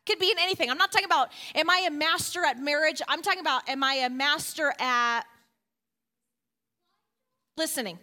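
A woman with a very high, bright voice, talking about faith in a lively, preachy way. She keeps her tone animated and often slips into acting out quoted voices. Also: a little fast, long pauses. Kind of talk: faith-based casual discussion.

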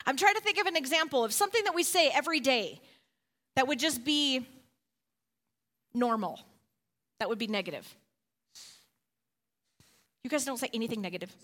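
A woman with a very high, bright voice, talking about faith in a lively, preachy way. She keeps her tone animated and often slips into acting out quoted voices. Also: moderate pace, pauses often. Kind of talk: faith-based casual discussion.

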